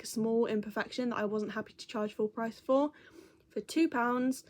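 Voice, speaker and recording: A woman's voice: a little high, a little mellow. A young woman chatting casually as a crochet vlogger, rambling and correcting herself as she goes. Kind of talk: casual chat.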